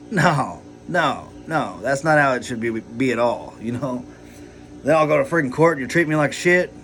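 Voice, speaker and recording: A man's voice: on the high side, fairly bright tone. A man rambling heatedly in a personal vlog, swearing a lot and filling his talk with "like" and "you know". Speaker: vlogger.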